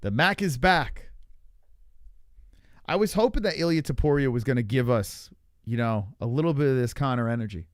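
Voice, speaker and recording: A man's voice: mid-range voice, expressive, normal speed, long pauses, dry recording, studio quality. A young man streaming live, ranting loosely about fights with lots of swearing and reacting to chat. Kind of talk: livestream fight talk.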